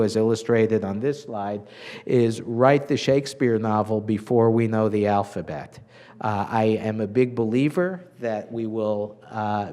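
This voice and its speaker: Man giving a measured medical lecture. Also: medium pitch, dark tone. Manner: measured, earnest, frequent uh fillers. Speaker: physician lecturer.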